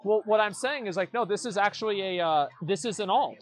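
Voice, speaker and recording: A man's voice: sits high, fairly quick. Blunt, mocking young man streamer. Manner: repeats words as he restarts. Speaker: streamer reacting to forum posts. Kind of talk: casual commentary.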